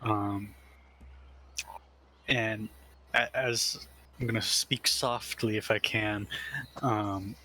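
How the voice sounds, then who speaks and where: Slow-talking man playing a tabletop game. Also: lowish voice, steady tone, bright, forceful tone. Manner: slow and hesitant, often laughing. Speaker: player. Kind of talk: casual tabletop play.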